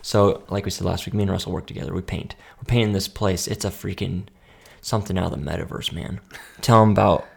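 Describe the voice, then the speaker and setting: A man's voice: deep voice, steady tone, fast, creaky, a little mellow. A young man co-hosting a casual podcast, telling rambling work stories, laughing often and sometimes losing his words. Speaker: podcast co-host. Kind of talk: casual chat.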